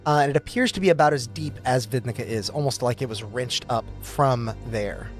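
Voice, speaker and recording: A young man narrating a tabletop game as dungeon master, slow and deliberate, with frequent fillers. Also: medium pitch, faint music behind.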